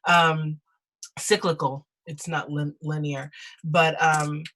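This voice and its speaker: A young woman chats from her bedroom on a video call, her bright, sharp voice full of restarts and quick laughs. She comes across as a casual singer-songwriter talking about her own song. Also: low-pitched, flat delivery. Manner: chatty, laughing, many restarts. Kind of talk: casual chat and acoustic singing. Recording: guitar music behind the singing.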